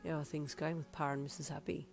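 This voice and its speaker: A woman reading a fan story aloud, voicing a teenage boy who talks softly and teasingly, with an air of mystery. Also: deep voice, flat delivery, fast, gravelly, faint music behind.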